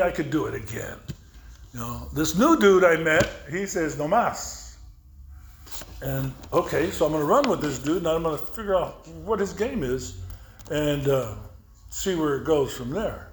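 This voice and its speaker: A man giving personal testimony at a recovery meeting, telling his story with halting restarts, asides to the listeners, and acted-out dialogue. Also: fairly high pitch, expressive, roomy sound, slight background noise. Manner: storytelling, acting out dialogue with others.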